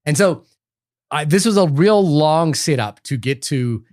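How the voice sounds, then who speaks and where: A man's voice: fairly high pitch, lively intonation, a little slow, a little mellow, no room sound, studio quality. A man co-hosting a film podcast, talking in a rambling, enthusiastic way with many restarts. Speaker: podcast co-host. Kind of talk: casual film discussion.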